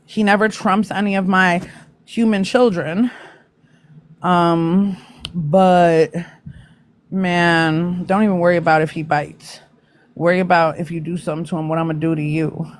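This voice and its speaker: A woman's voice: on the low side, steady tone, unhurried. Blunt, profane woman live-streaming. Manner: profane, blunt, emotional asides to viewers. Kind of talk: casual live chat reacting to news.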